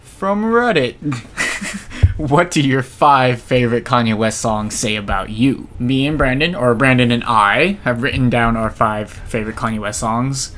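A man's voice: medium pitch, measured pace, fairly bright tone. A young man co-hosting a podcast in casual banter, teasing his friend and swearing offhandedly. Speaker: podcast co-host.

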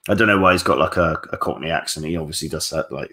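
A man's voice: a bass voice, fast, bright, forceful tone. A man working as a dating coach, answering viewer questions on a live stream in a casual, blunt and frank way, swearing freely.

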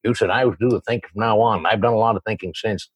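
A man doing an impression of a weary, tough leading man from an old film, low and quiet. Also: steady tone, quick pace, slightly rough, no room sound, poor audio. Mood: brooding.

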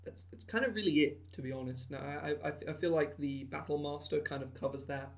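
Gravelly man chatting casually. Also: fairly high pitch, a little fast. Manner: rambling, many fillers and restarts. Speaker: podcast co-host. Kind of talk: casual chat about tabletop game content.

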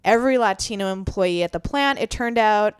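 Woman co-host, casual news chat, smooth clear voice, dry close sound. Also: mid-range voice, a little fast, no room sound. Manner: chatty, laughs often, reads news items. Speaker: podcast co-host.

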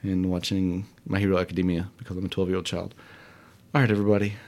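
A man's voice: deep voice, little pitch movement, fast talker, a little mellow. A man hosting a casual solo show, rambling and self-deprecating with many fillers. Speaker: podcast host. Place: home studio, alone.

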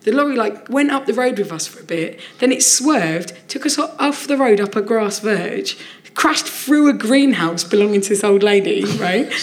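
A woman, a comedian, telling an animated story in casual chat on a live podcast, laughing often as she talks. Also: medium pitch, moderate pace. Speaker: comedian guest.

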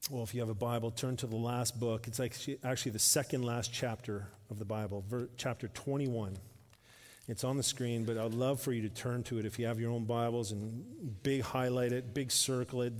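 A male pastor preaching a sermon. He grows emphatic and louder when reading scripture and drops softly for asides. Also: steady tone, normal speed. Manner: drops to a soft, low voice for asides. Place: church sanctuary. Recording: reverberant church hall.

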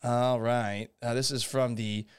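A man's voice: mid-range voice, fairly even intonation, a little slow, clear, resonant tone. A man hosting a live-streamed podcast, talking in a rambling, sarcastic and profane way. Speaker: podcast host. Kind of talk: casual live-stream commentary.

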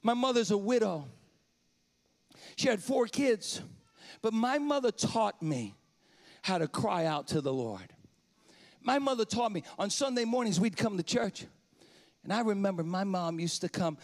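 Impassioned high-voiced gravelly preacher. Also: male voice, animated, measured pace, long pauses. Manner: impassioned preaching, often shouting and half-singing. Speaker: pastor. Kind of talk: sermon. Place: church sanctuary.

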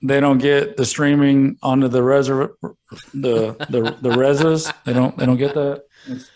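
A man's voice: medium pitch, level tone, unhurried, darkish tone. A young man co-hosting a podcast, rambling and swearing through crude banter, laughing often. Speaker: podcast co-host.

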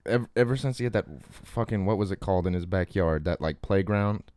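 A man's voice: sits low, a little fast, darkish tone, dry recording. A man co-hosting a crude comedy podcast, rambling and profane, often breaking into laughter. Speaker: podcast co-host.

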